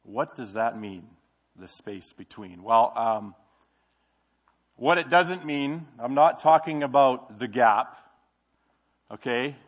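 A man's voice: mid-range voice, lively intonation, slow pace, long pauses. A middle-aged male pastor preaching a sermon in a church, in a conversational way, asking the congregation questions. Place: church sanctuary.

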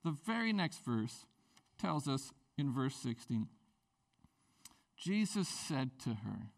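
A man preaching a conversational sermon, acting out the people in the story and swinging between loud bursts and hushed, intimate passages. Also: medium pitch, big pitch swings, slow, vocal fry. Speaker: pastor.

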